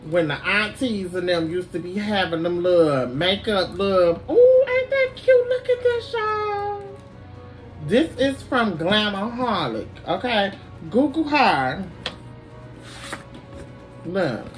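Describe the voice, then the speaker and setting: A woman's voice: lowish voice, fairly bright tone. Tipsy Southern-twanged woman vlogger. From Detroit, USA. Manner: chatty, profane, addresses viewers as y'all. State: a little tipsy. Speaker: beauty vlogger. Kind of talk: casual unboxing chat.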